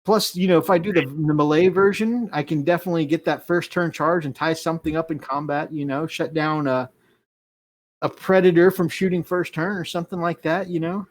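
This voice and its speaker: A man's voice: on the high side, fairly even intonation, fairly quick. Enthusiastic man hosting a hobby stream. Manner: enthusiastic, many fillers like "you know". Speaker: host. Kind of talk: live stream chat.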